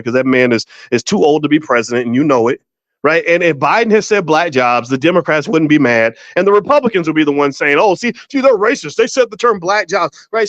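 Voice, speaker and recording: A middle-aged man hosting a finance show, talking straight to his audience in a casual, emphatic way, with many restarts and lively storytelling. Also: fairly high pitch, no echo. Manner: emphatic, repetitive restarts, storytelling with exaggerated voices. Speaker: finance educator and show host. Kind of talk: casual direct-to-camera commentary. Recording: dry, dull lo-fi sound.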